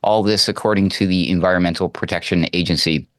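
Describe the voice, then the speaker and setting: A man's voice: deep voice, steady tone, fast, a bit bright, no room sound. A man delivering news commentary with mocking, wry asides, speaking to a co-host. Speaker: political commentator.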